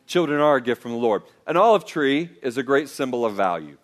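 A man preaching a sermon, animated and playful, leading his congregation in call-and-response. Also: medium pitch, brisk. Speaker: pastor.

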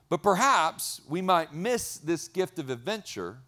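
A man preaching a sermon as a pastor, energetic, repeating key words and swinging between loud and soft. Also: a little high, a little slow, few pauses.

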